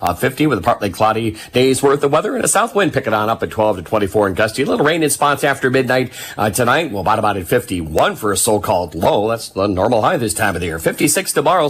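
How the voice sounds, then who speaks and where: A man with a fairly low voice reads the radio weather at a quick clip. His forecast is brisk and folksy, with a faint hiss of noise behind him. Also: lively intonation, fairly bright tone. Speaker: meteorologist.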